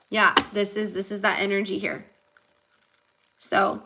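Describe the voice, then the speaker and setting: A young woman giving a live tarot reading, chatty and rambling, full of fillers, slowing down to stress spiritual points. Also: medium pitch, flat delivery, sharp tone, low-quality recording. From California. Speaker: tarot reader.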